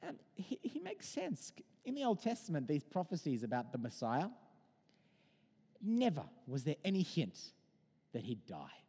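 A man in his thirties preaching a sermon in a conversational, animated way, mixing in personal stories. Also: a little high, moderate pace, husky, in a large hall. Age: 30s.

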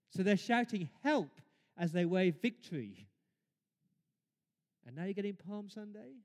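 A pastor preaching a sermon, his fairly high voice swinging between loud emphatic exclamations and quiet asides. The sound carries a long reverb from a large church hall.

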